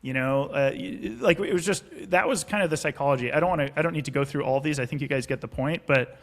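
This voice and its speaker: Animated, slightly high-voiced founder on a call. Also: male voice, fast talker. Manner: animated, acts out investor and founder lines, swears casually. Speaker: podcast guest, startup founder. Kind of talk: casual explanatory interview talk.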